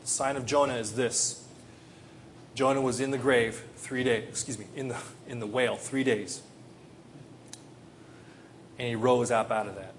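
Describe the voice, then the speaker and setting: A man preaching a sermon with passion, climbing into loud rhetorical questions and then dropping to a soft, quiet close. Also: medium pitch, steady tone, normal speed, long pauses, slight background noise. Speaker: pastor.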